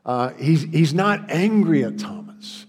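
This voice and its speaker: A man preaching a sermon in a church, conversational and halting, with restarts and mock voices. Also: fairly high pitch, sing-song, a little mellow, husky. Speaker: pastor. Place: church sanctuary. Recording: long hall reverb.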